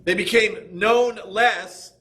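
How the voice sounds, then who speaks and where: A man teaching a Bible lesson to a class, pitched high with a bright, forceful edge. He is animated and slips into little quoted voices as he explains. The setting is a church school classroom. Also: slow.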